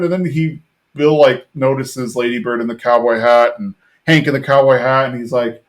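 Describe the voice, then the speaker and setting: Podcast host, man, mid-pitched, rambling casual recap with lots of filler, dips into character lines. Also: unhurried. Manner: rambling retelling full of "like" fillers, lightly mimicking characters' lines.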